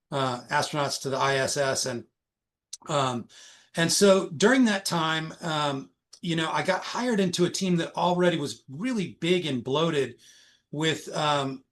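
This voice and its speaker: Middle-aged male guest, recruiter type, a touch high-pitched, animated storyteller. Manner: animated, anecdotal retelling. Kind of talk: conversational storytelling.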